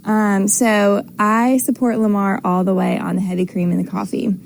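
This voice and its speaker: A woman's voice: medium pitch, little pitch movement, moderate pace, vocal fry, a little hiss or hum. A woman calling in to a radio show, chatty and upbeat, with plenty of fillers. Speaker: caller. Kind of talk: phone-in voicemail.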